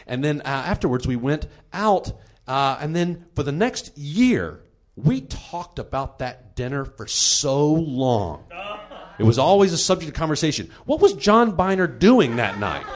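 A man hosting a comedy podcast, telling a true story in an animated, laughing way. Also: fairly high pitch, measured pace.

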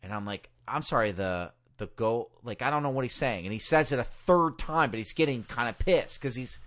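Brisk and medium-pitched, this man once worked as a ring announcer and now co-hosts a casual podcast. His stories come alive through plenty of acted-out quotes, with swearing mixed into the easygoing storytelling chat.

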